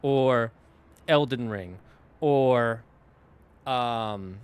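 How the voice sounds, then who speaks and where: Young male streamer, loose rambling chat with restarts, mid-pitched voice. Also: drawn-out words, smooth. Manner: rambling, self-correcting, talks in asides to chat. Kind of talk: casual chat to a live stream.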